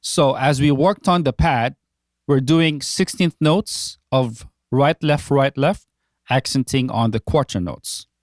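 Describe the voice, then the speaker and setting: A man explains drum-kit patterns in a calm, step-by-step teaching voice. His pitch sits in the middle range, and the recording is close and dry. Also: slow, no echo. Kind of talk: instructional drum lesson.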